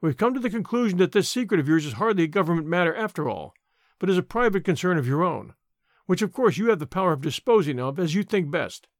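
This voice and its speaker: A male audiobook reader voicing a greedy, guarded army major who speaks in a cool, measured way. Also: sits high, expressive, no echo, clean studio sound. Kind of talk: audiobook character reading.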